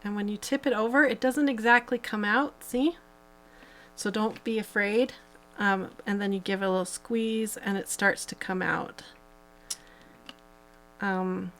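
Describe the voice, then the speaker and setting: Chatty woman with a gravelly fry. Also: medium pitch, fairly even intonation, measured pace, long pauses, a bit bright, rough recording. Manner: chatty, demonstrating step by step with many fillers. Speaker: host. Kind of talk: live craft tutorial.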